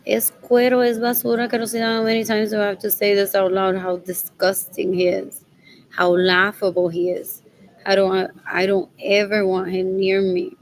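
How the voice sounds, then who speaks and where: A woman's voice: medium pitch, level tone, moderate pace, slight background noise, low-quality recording. A woman vlogging in a rambling monologue, agitated and scornful.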